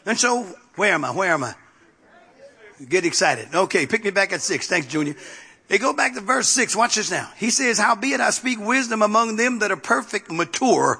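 A man's voice: high voice, lively intonation, normal speed, vocal fry, pushed and bright. A man preaching a sermon as pastor, repeating phrases and calling out to the congregation for response.

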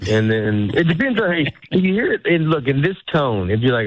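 A man's voice: medium pitch, a little fast, dry recording, lo-fi sound. A middle-aged man, a stand-up comedian, chatting casually in an interview, rambling and cutting himself off as he acts out little quoted lines.

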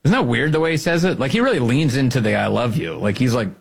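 A man's voice: mid-range voice, fast, vocal fry, slightly rough. A man hosting a political podcast, commenting sarcastically on played clips with frequent laughter. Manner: sarcastic, laughing, animated asides.

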